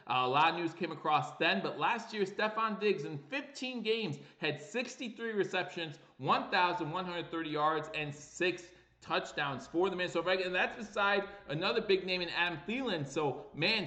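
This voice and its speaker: A man hosting a live sports talk stream, reading viewer chat aloud and getting excited over breaking trade news. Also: high-pitched, reverberant. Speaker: livestream sports show host.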